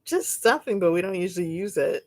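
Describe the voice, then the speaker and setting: A woman's voice: lowish voice, lively intonation, fairly quick, no room sound. A woman guest on a podcast in casual comedic chat, dry and teasing, laughing easily.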